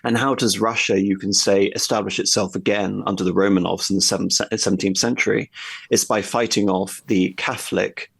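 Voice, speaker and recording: A man's voice: on the low side, fairly even intonation, fairly quick, creaky, fairly bright tone, breathy edge. A man talking at length as a guest in a history conversation, explaining in a discursive, lecturing way and thinking aloud as he goes.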